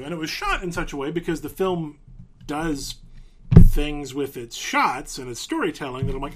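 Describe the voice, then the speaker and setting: A man co-hosting a podcast from a living room, talking over a film in a casual, animated way and laughing often. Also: fairly high pitch, moderate pace, heavy background noise. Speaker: podcast co-host. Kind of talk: casual movie discussion.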